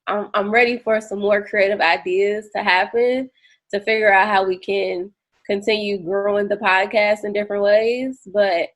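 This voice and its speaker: A woman's voice: medium pitch, steady tone, moderate pace. Reflective woman podcast co-host. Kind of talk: casual podcast chat.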